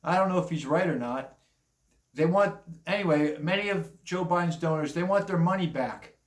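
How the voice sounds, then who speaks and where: Older man, rambling news commentary, blunt, chuckles, slightly high voice, echoey room. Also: moderate pace. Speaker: commentary vlogger. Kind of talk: casual opinion monologue.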